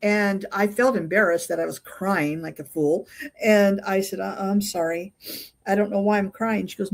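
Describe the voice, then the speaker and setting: A woman's voice: mid-range voice, steady tone, normal speed. A middle-aged woman recounts a personal experience as an interview guest, in a mid-range voice. She rambles with plenty of ums and uhs, doubling back to restart her sentences. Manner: rambling, many fillers and restarts. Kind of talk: casual storytelling interview.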